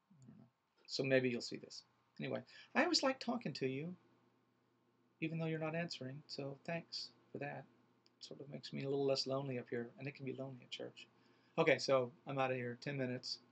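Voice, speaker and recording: A man's voice: medium pitch, creaky. A middle-aged man, a minister, thinking aloud in a rambling, wry, casual way about his next sermon. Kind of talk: casual vlog musing. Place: church, alone.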